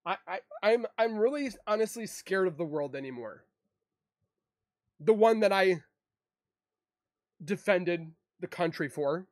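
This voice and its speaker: A man's voice: high-pitched, lively intonation, a little slow, long pauses, dry recording, clean studio sound. A man in an emotional, defensive monologue to camera, rambling and repeating himself as a true crime YouTuber. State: emotional, upset.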